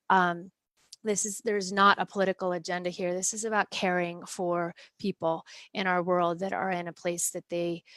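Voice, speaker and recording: A woman hosting a relaxed interview, speaking earnestly and pausing to find her words. Her voice sits at an ordinary middle pitch. The recording is dry, with no room echo. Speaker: interview host. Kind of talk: conversational interview.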